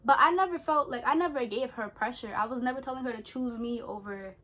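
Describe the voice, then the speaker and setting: A young woman, chatting in an animated, slangy way as she tells a story during her skincare routine. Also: fairly high pitch, fast. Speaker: beauty vlogger.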